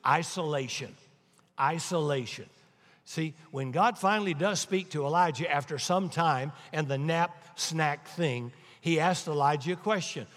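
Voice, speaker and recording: A man preaching a sermon, emphatic and repeating key lines, swinging between loud stresses and hushed asides. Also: fairly high pitch. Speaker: pastor. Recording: long hall reverb.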